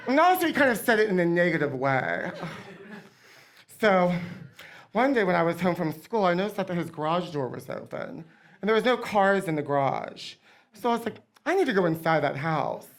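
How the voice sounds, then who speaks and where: A middle-aged man hosting a comedy show, telling campy, gossipy stories to a live audience with deadpan punchlines. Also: sits high, moderate pace. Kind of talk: comic storytelling to a live audience.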